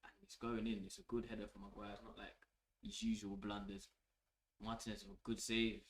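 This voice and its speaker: A man hosting a fan channel, giving live match reaction commentary in an excitable, opinionated way and swearing casually. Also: fairly low pitch, fairly quick, creaky, slight background noise. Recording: roomy echo.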